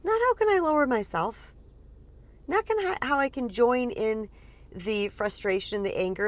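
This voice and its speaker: A woman in her forties, a spiritual empowerment coach, talking casually to her audience in an earnest, lively way with many fillers. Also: a little high, no echo. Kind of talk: casual teaching monologue.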